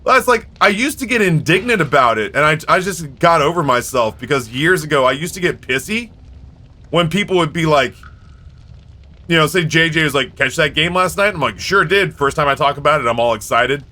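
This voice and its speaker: A man's voice: a little high, animated, brisk, pushed and bright. A man in his thirties streaming live, rambling casually in a self-mocking way and acting out both sides of conversations. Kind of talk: casual livestream chat.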